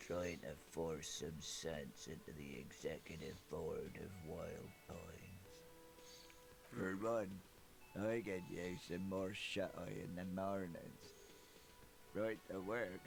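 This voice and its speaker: A man's voice: deep voice, gravelly, heavily acted, rough recording. A man in his thirties voicing a sleepy, grudging dock worker on strike in a video game. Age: 30s. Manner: drowsy, grudging, matter-of-fact. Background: game music.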